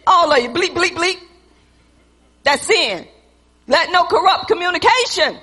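A woman pastor preaches in a very high, bright voice. She stirs the congregation with call-and-response and slips into acted-out dialogue. Her voice rings with the long echo of a church hall. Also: lively intonation, a little slow. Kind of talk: sermon.

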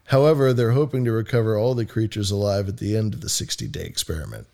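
A man's voice: fairly low pitch, lively intonation, quick pace, creaky, darkish tone. A man hosting a podcast in casual chat, reading a news story aloud with jokes and plenty of swearing. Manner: jokey, swears freely, laughs often. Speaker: podcast host.

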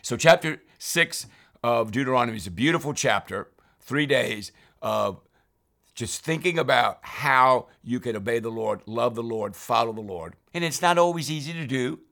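This devotional Bible teacher reads verses and then explains them, frequently using the word "remember." His mid-range voice is creaky yet bright, with a forceful tone, lively intonation and a moderate pace.

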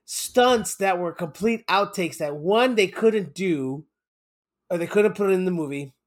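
High-voiced man telling stories animatedly. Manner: animated storyteller, laughs often, swears casually. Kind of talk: casual chat.

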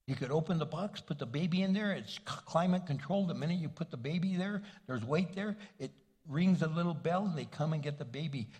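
An older man, a pastor, preaching a folksy, conversational sermon with homely stories, his husky voice carrying through a church sanctuary. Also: on the high side, darkish tone. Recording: long reverb of a large hall.

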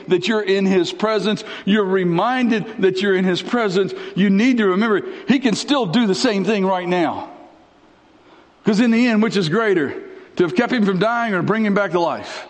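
Guy pastor preaching, high voice, casual and dramatic with some slang, long echo in a big room. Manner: conversational and dramatic, sweeping up and down in pitch, slangy. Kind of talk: sermon.

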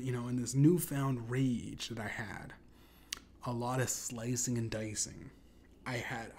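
A man's voice: medium pitch, slight background noise. Rambling man telling an absurd tale. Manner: rambling, deadpan absurd tall tale with profanity. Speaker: podcast host. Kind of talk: improvised comedic storytelling.

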